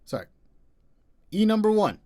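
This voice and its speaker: A man with a fairly high voice hosts a live tips session from an indoor room. He talks emphatically, hammering his key points through repetition. His loudness swings widely, from near-shouted stresses to quiet asides. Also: very animated, normal speed. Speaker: host.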